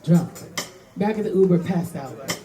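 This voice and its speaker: A woman's voice: lowish voice, expressive, measured pace, mellow. A young woman doing a loose, rambling stand-up set in a comedy club, often laughing between lines. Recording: live club recording with crowd laughter.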